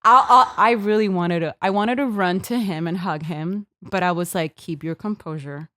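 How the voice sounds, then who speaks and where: A young woman in her twenties, a podcast guest, telling a story in a lively way and acting out what people said. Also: moderate pace, dry recording, clean studio sound. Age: 20s. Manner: lively, acts out quotes with big pitch jumps. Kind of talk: animated storytelling.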